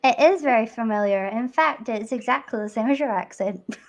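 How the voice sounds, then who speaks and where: A woman's voice: a little high, noisy background. A woman with an Edinburgh Scottish accent, hosting a casual livestream chat and laughing easily. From Scotland. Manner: giggly, chatty, quick to laugh. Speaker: stream host.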